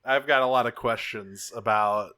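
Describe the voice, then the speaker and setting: Male podcast co-host: bright, forceful tone, casual profane recap, rambles. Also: medium pitch, normal speed, clear, resonant tone. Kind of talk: casual episode recap chat.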